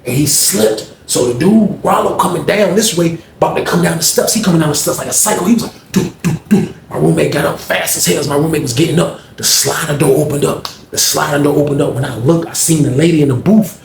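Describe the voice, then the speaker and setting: A man's voice: fairly high pitch, expressive, fast, creaky, few pauses, darkish tone. A man animatedly telling a profane story, acting out the scene as he goes, recorded in an echoey room. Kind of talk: casual storytelling. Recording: echoey room with faint background noise.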